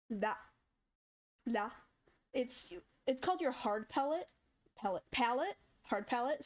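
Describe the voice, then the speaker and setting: Chatty and relaxed, a young tutorial maker walks through each step of a screen-recorded lesson, demonstrating sounds along the way. Her voice is fairly high in pitch with a darkish tone.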